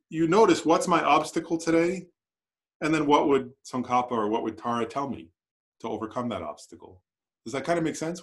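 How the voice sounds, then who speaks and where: A man teaching a Buddhist class at a meditation center in a conversational way, often checking in with "right?". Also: fairly high pitch. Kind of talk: dharma class lecture.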